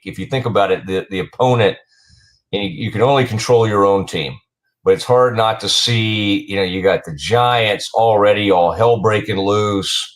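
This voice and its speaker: A man hosting a sports talk show, asking rambling questions with many halting restarts. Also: fairly low pitch. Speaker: show host.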